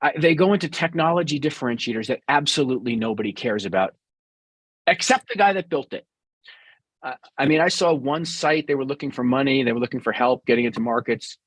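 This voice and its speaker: A man's voice: medium pitch, husky, dry recording. A middle-aged man with a New York accent, answering interview questions bluntly and sarcastically as a business guest.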